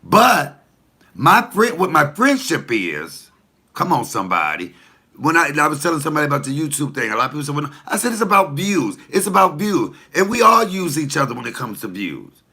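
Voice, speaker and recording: A man's voice: fairly high pitch, wildly swooping pitch, a little fast, bright, forceful tone, slightly rough. A comedian talking casually to the camera, blunt, profane and preachy as he tells stories and gives advice.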